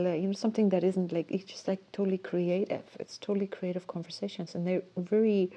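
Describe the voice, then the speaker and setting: A woman hosting a show, musing in a soft, rambling way and often breaking off mid-thought. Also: fairly low pitch. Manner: dreamy, rambling, soft-spoken with self-interruptions. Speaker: host. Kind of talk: casual musing monologue.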